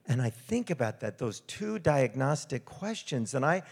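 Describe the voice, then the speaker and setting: Middle-aged man, missionary speaker, sermon with slides, conversational, animated storytelling, mid-pitched voice. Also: moderate pace, creaky, husky.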